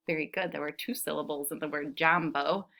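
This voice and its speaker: A woman's voice: low-pitched, steady tone, brisk, vocal fry, heavy background noise. A woman teaching preschool children, reading a picture book aloud and counting syllables with them in a patient, encouraging manner.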